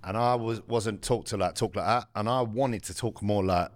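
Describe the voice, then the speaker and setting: A man's voice: lowish voice, moderate pace, no echo. A man, bantering bluntly and swearing freely as a podcast co-host. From London. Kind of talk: casual banter.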